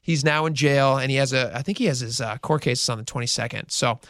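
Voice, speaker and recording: A man's voice: mid-range voice, fast talker, dry recording, clean studio sound. A radio show host telling a news story in casual talk, acting out the quotes as he goes. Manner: animated storyteller, acts out quotes.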